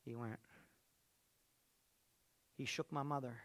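A man preaching a sermon, telling a story and swinging between hushed delivery and loud, raised passages. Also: medium pitch, steady tone, slow.

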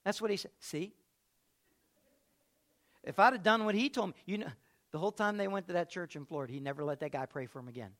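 A man with a notably high voice preaching a sermon. He tells his story in a rambling, conversational way, dropping low and quiet at times and then building up to loud, raised stretches. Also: fast, pauses often. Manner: storytelling, swings from hushed to loud.

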